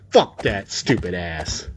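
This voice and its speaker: Against a noisy background, a man with a lowish voice narrates a story over gameplay and keeps breaking in with foul-mouthed, sarcastic remarks.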